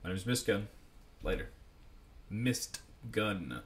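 A man's voice: on the low side, big pitch swings, takes it slowly. Playful man commenting on a game. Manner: playful, jokey, talks to himself. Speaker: let's play commentator. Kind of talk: casual gameplay commentary.

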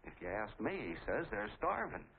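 A chatty small-town soda jerk who tells his tale in a folksy, rambling way. His American voice sits a bit low. The sound is tinny and thin, like an old 1940s film, with a faint hiss under it. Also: wildly swooping pitch, normal speed, creaky, full character voice. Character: small-town soda jerk, eager talkative middle-aged man.

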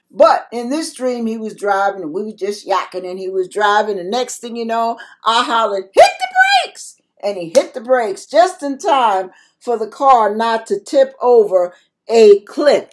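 An older woman giving a spoken devotional sermon to her viewers, emphatic and repetitive as she exhorts them. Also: fairly high pitch. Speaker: christian video preacher.

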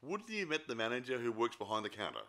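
Lively, bright man cracking jokes. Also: mid-range voice, fast talker. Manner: joking quips and interjections. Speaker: film review podcast co-host. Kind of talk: casual chat.

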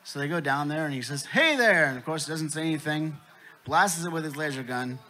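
A laid-back man telling jokes on stage into a microphone. His voice is bright and forceful. He swears freely and rambles easily between punchlines. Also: on the high side, steady tone, brisk. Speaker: comedian. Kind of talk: stand-up joke telling. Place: festival stage.

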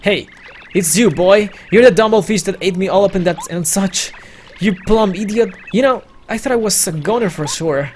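A let's player voicing a small, bad-tempered creature with a gruff, folksy way of talking. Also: medium pitch, normal speed, darkish tone, slight background noise, pitched above the performer's own voice, close to an everyday voice. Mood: scolding. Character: small grumpy creature, ornery and combative.

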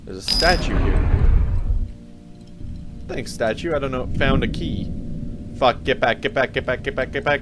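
A man's voice: medium pitch, expressive, moderate pace, long pauses, heavy background noise. A man hosting a casual let's-play of a horror game, jumpy and self-mocking, swearing often. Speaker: YouTube gameplay host. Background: horror game music.

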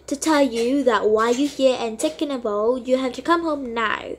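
A woman's voice: sits high, moderate pace. A woman voicing a snobby, bossy rich mother in a toy role-play game, speaking haughtily and looking down on others. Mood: scornful.

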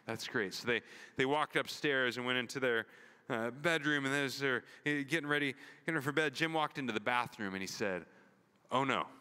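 A man's voice: medium pitch, fairly quick, pushed and bright, smooth. A man pastor preaching in a conversational, earnest sermon, retelling a story with many repeats and "like"s. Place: church. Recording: long hall reverb.

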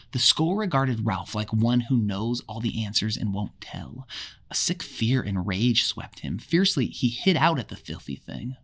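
Wry man summarizing a novel, lively pitch. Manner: wry, jokey asides between dramatic readings. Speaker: literature explainer. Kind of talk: casual chapter summary with readings.

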